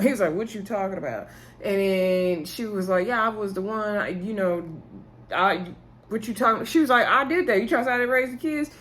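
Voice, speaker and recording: A woman vlogger chats her way through a reality show recap in a loose, conversational voice. She leans on fillers and acts out the cast's lines as she retells the arguments. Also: medium pitch. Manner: chatty retelling with filler words, acting out quotes. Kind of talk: casual recap chat.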